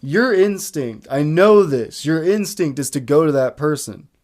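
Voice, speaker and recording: A man with a fairly high voice, co-hosting a casual podcast. He swears freely, cuts himself off and restarts, and his sentences often trail away. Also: animated, measured pace, darkish tone. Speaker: podcast co-host. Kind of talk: casual chat.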